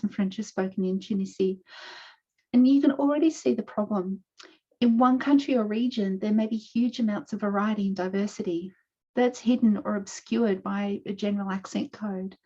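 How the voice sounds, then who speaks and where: Mellow-voiced Australian woman presenting. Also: mid-range voice. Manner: measured, explanatory, walking through slides. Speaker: panelist presenting research. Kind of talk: online conference presentation. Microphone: video call. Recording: dull lo-fi video call audio.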